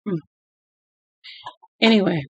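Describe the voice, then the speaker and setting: A woman's voice: slow pace, a little mellow, no room sound, highs cut off. A tired woman in her forties, a book-reading stream host, rambling through a casual story at home. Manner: chatty storyteller who drifts off topic. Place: at home with dogs.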